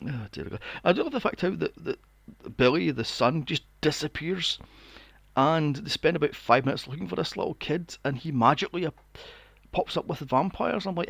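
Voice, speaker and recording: Man in his forties, podcast co-host, sarcastic rant, slightly higher voice, dry close sound. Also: lively intonation, moderate pace, gravelly, a bit bright, no echo. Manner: ranting, sweary, sarcastic. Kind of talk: casual movie review chat.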